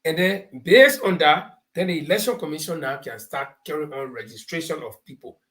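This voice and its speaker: A man's voice: fairly high pitch, normal speed, a bit bright. A man with a Liberian English accent hosting a live talk show, giving political commentary and explaining points through homespun parables and stories. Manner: laughs while telling stories.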